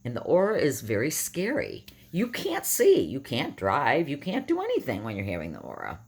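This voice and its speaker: A woman in her fifties with a rough morning voice, telling a personal story to camera in a rambling, self-correcting way. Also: rumbling low, wildly swooping pitch, moderate pace, a little mellow. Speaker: vlogger.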